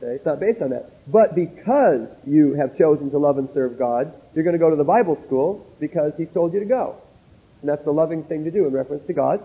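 A man's voice: fairly high pitch, husky. A man lecturing students like a sermon, earnest and direct, telling stories with asides at a board in a classroom. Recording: tinny narrow-band old recording.

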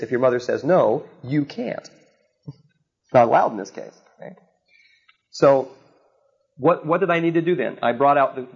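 A preacher teaching on counseling speaks in a mid-range, slightly mellow male voice. His sermon is earnest and repetitive, and he keeps checking in with "okay?". The lo-fi recording sounds a bit dull.

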